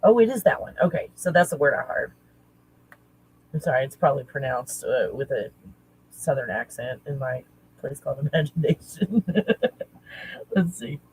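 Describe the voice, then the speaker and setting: A woman talking casually as a spiritual teacher, halting and searching, correcting herself often. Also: very deep voice, lively intonation, darkish tone, a little hiss or hum, poor audio. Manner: halting, searching, self-correcting with nervous laughs. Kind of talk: casual channeling talk.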